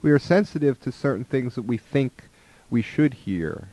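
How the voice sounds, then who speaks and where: A man's voice: mid-range voice, animated, normal speed, mellow, dry recording. A man giving a conversational spiritual talk about relationships, slipping into the voices of the people in his stories. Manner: conversational, acts out quoted voices.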